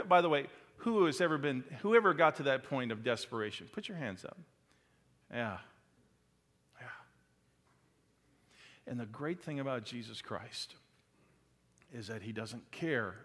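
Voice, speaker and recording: Male preacher, impassioned sermon delivery, rising to loud peaks and falling quiet, in a reverberant hall. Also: mid-range voice, measured pace, long pauses.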